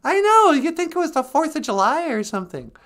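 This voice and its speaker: A man putting on a high, giggly sidekick voice that answers his own livestream chat eagerly. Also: very animated, fairly quick, fairly bright tone, exaggerated voice.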